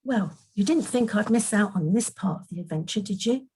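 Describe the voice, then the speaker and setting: A woman voicing a cheeky, excitable young male companion in a storybook reading, with high exclaiming lines. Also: normal speed, slight background noise, close to an everyday voice. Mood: teasing.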